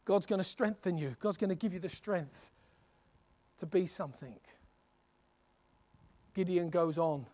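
A preacher delivers a sermon in an animated, conversational way, like telling a story. His voice sits high for a man. He moves freely between asides and direct appeals to his listeners.

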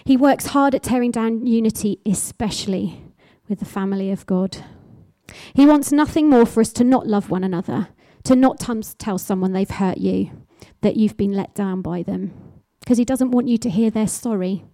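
A woman's voice: medium pitch, normal speed, dark tone, no echo. A woman preaching a sermon with passionate, emphatic exhortation, driving her points home through repeated phrases.

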